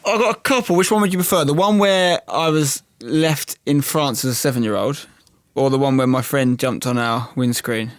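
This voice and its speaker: Animated young English man telling stories. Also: mid-range voice, moderate pace, dry recording, clean studio sound. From England. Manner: animated anecdote telling with laughs. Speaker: podcast guest. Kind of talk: casual podcast storytelling. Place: podcast studio.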